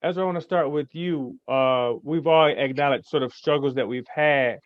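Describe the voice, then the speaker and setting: A man leads a panel talk and works his way through a question, pausing on fillers. The sound is dry, with a slightly dull, muffled band. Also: on the high side, no room sound. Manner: measured, with hesitant fillers while framing questions. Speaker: moderator. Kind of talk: moderating a panel conversation.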